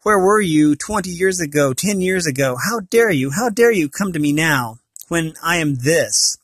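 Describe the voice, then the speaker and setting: A man reading aloud from a storybook, voicing a rough, bitter middle-aged woman who scolds shrilly. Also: fairly high pitch, normal speed, a bit bright, no echo. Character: rough, bitter woman in her middle years, fiery and tearful.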